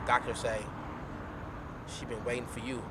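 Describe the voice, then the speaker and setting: Young man, podcast guest, slangy heartfelt storyteller, halting delivery, road traffic noise behind. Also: mid-range voice, flat delivery. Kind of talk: storytelling in casual chat. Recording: noisy traffic in background.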